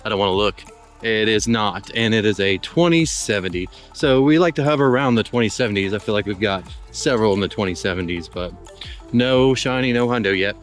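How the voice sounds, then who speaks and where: Man, low voice, casual gameplay commentary, upbeat and chatty, faint music behind. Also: animated, brisk. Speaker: game channel host.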